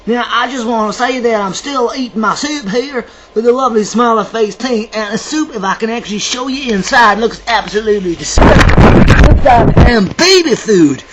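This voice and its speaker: A man's voice: very high-pitched, brisk, noisy background. A man vlogging to camera in a rambling, chatty way, theatrical and self-described as dramatic. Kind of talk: rambling casual monologue to camera.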